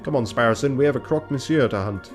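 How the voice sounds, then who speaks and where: A man voicing a calm, confident male falcon lawyer with a formal manner. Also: medium pitch, fast talker, faint music behind, voice pushed up, natural voice. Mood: composed.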